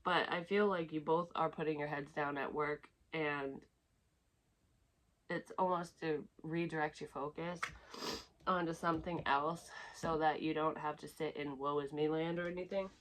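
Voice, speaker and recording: Woman doing a psychic reading, lowish voice, rambly and sweary, kinda near tears. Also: steady tone, normal speed, a bit bright, rough recording. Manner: candid and profane, talks in a rambling flow. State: close to tears at times. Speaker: psychic medium giving a reading. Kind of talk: casual intuitive reading to camera.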